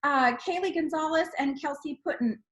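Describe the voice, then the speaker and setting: A woman hosting a team call, reading out names with bubbly excitement and frequent exclamations. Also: high voice, moderate pace, low-quality recording. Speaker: host of a team sales call. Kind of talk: upbeat recognition call.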